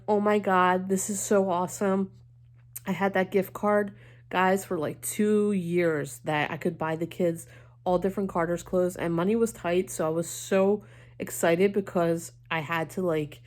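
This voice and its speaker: A woman in her thirties talks casually to her viewers. Her voice sits a touch low, and she tells stories in a chatty, animated way, jumping into quoted voices. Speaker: vlogger. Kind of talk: casual chat.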